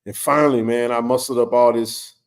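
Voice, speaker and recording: A man's voice: mid-range voice, fairly quick, clear, resonant tone. Chatty man telling a story. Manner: animated, conversational, many fillers and restarts. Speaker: livestream host. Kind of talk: casual storytelling to a live chat.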